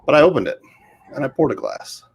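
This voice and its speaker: A man's voice: mid-range voice, huge pitch swings, fast, creaky, breathy edge. A middle-aged man co-hosting a casual show, chatting in an easygoing, rambling way. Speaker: podcast co-host. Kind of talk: casual chat.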